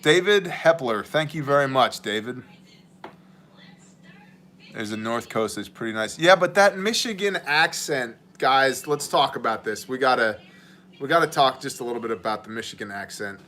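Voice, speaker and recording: A livestream host who also leads a ministry reads viewer messages and jokes around in a rambling way, sometimes drifting into mock voices. His medium-pitched voice is pushed and bright, with lively intonation and a moderate pace, and there's slight background noise.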